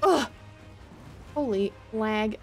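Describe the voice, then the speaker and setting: A woman's voice: a little high, drawn-out words, faint music behind. A woman streamer giving live gameplay commentary, exasperated, swearing and laughing often.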